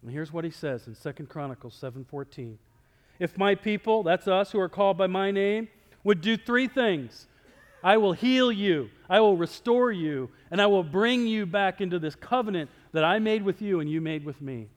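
A man preaching a sermon as pastor, talking conversationally and swinging between loud emphasis and near-whispers. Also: sits high, expressive, moderate pace, in a large hall. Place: church sanctuary.

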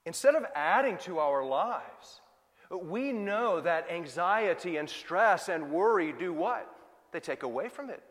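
A male pastor preaching a sermon, moving from loud emphatic questions to soft, quiet asides. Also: sits high, sing-song, unhurried, in a large hall.

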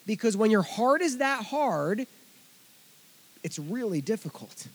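A male pastor teaching through a Bible passage in an animated sermon voice that runs high for a man. He mixes scripture reading with chatty asides to the congregation, rising to loud emphasis and dropping to quiet remarks. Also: unhurried, breathy edge.

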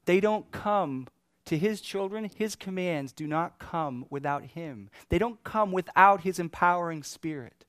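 A man preaching a sermon in an animated, lively way, often laughing and acting out the scripture he talks about. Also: high-pitched, unhurried, dry recording, clean studio sound. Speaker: pastor.

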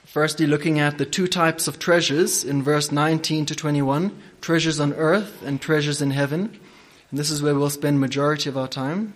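A male preacher delivering a sermon in a slightly high voice. He speaks deliberately and pauses often on small hesitations as he works through his points. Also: fairly even intonation. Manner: deliberate, with frequent filler hesitations.

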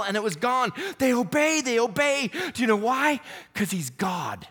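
A man preaching a sermon, telling stories with folksy humor and loudly acting out quoted lines. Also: very high-pitched, normal speed. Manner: animated storytelling, acts out quotes loudly. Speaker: pastor.

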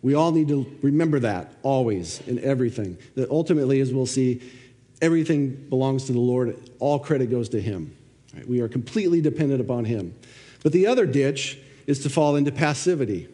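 A man's voice: medium pitch, expressive, a little fast, dark tone. A man preaching a sermon, reading scripture aloud and then explaining it with questions. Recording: long reverb of a church hall.

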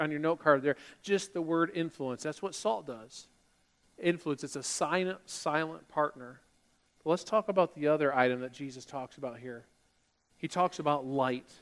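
A man with a high voice delivers a sermon from the pulpit as pastor. He builds his points with rising emphasis and now and then mimics a churchgoer's voice. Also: long reverb tail.

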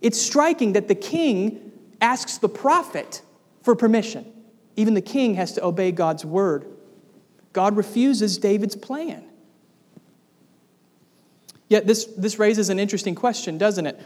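A man with a notably high voice preaching a sermon, his words trailing off into the long reverb of a large hall. He talks emphatically and asks the congregation rhetorical questions. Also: a little mellow.

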